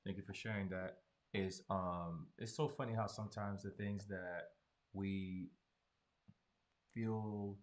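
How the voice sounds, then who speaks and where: A man, co-host, responding calmly and supportively. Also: low voice, takes it slowly, long pauses.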